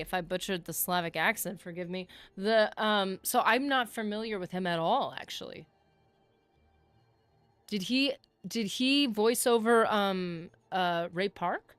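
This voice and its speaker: Excitable woman gaming streamer, chatty and fired up, mid-pitched voice, dry close mic. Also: no room sound. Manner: animated, excitable, chatty with chat. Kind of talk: casual livestream chat.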